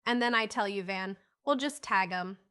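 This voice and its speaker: A woman reading an audiobook voices a lively, impulsive little boy who blurts out eager questions. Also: medium pitch, normal speed, clean tone, lightly acted.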